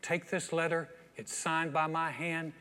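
Pastor, male, high voice, animated storyteller acting out scenes in a sermon, church sanctuary with long reverb. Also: a little slow. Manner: lively storyteller who acts out scenes.

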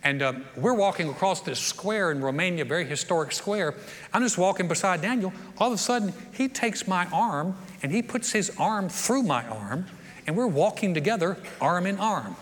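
High-voiced folksy pastor, echoing hall. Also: male voice, normal speed. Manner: folksy, animated storytelling with acted-out quotes. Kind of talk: sermon. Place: church sanctuary. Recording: long church reverb.

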